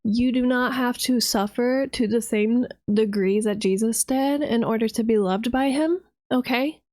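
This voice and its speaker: A fired-up woman from the United States, ranting as a vtuber streamer with plenty of swearing and sarcasm. Her voice sits a little high, and the sound is dry and close with no room around it. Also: a little slow, mellow, dry recording. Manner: heated, profane, sarcastic. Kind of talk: reaction rant.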